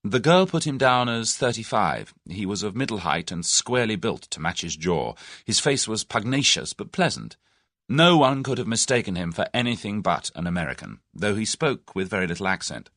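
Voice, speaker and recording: A man reads an audiobook in an expressive storytelling manner. His voice is deep and his intonation moves widely. The recording is dry and close. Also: normal speed, no room sound. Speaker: audiobook narrator. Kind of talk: scripted narration.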